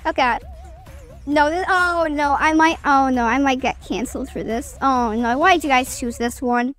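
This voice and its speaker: Young woman gaming streamer, high bright voice, chatty and excitable, with faint game music behind her. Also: moderate pace. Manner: chatty, excitable, self-mocking. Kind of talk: casual gameplay commentary.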